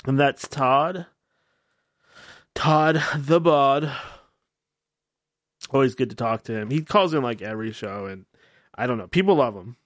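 Brief: male podcast host, mid-pitched voice, candid and profane, self-mocking rambles, dry close recording. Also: animated, a little fast, no echo. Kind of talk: casual solo talk-show monologue.

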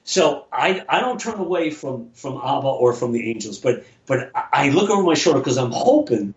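Chatting casually, a mid-range-voiced man works through a long story from his own life, with lots of halting and restarts, voicing each character himself. The sound is echoey, dull, and lo-fi.

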